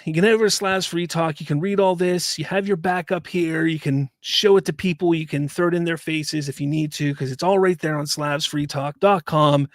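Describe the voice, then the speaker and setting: A man's voice: high-pitched, no room sound, studio quality. A man hosting a live-stream talk show, ranting in casual commentary and reading viewer chat aloud. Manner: animated, ranting, repeats himself.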